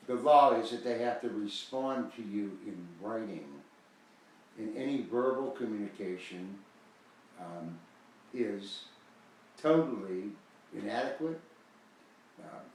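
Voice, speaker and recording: This older American man has a lowish, darkish voice and hosts a casual promo selling a foreclosure guide. He rambles in a folksy way, hitting key words hard. The mic sits far from him, and his voice bounces around a very echoey room.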